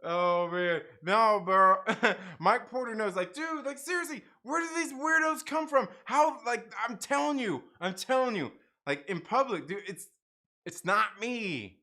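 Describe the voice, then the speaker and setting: A young man hosting a casual livestream, reading chat and laughing often as he swings between loud outbursts and low asides. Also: expressive, a little slow.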